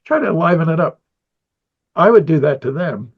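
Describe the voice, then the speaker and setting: A man's voice: on the high side, animated, normal speed, vocal fry, slightly rough, phone-quality sound. An older man in a rambling interview about his animation career, a chuckling storyteller who acts out what people said.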